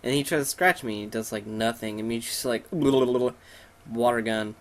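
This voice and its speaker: A man's voice: medium pitch, quick pace, a bit bright. Joking man narrating a game. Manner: irreverent, joking, makes up silly dialogue for characters. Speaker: let's play host. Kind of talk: casual let's play commentary.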